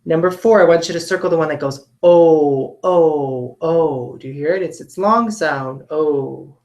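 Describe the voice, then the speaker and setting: A woman teaching a phonics lesson to children, speaking patiently and sounding out each sound slowly. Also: low voice, a little mellow, echoey room. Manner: slow, patient, models sounds clearly.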